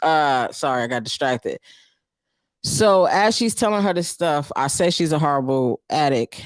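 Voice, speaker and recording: A woman's voice: low-pitched, dry recording, clean studio sound. A woman with a New York accent hosting her own live stream, casually recapping a book and reacting to viewers in a chatty, loose way. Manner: chatty and loose, reacting to chat, frequent fillers.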